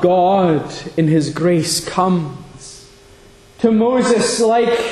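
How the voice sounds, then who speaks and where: High-voiced preacher in an echoey hall. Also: male voice. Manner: earnest, repeats phrases for emphasis. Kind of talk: sermon. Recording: echoey hall with long reverb.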